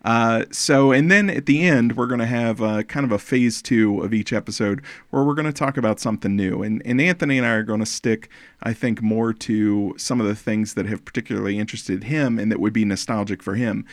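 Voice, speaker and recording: Playful low-voiced man in his forties. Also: fairly quick, no echo, clean studio sound. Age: 40s. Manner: playful, teasing, talkative with filler restarts. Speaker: podcast host. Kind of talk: casual film podcast chat.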